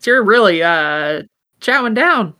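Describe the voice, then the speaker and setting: A woman's voice: mid-range voice, expressive, slow pace, sharp tone. A woman voicing Virgil, an earnest, curious young man asking eager questions in a tabletop game.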